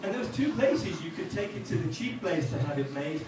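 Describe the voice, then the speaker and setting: A man doing a stand-up comedy set, telling deadpan one-liners with pauses for laughs. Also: on the high side. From outside England. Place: comedy club stage with audience laughter. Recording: echoey club from far off, noisy.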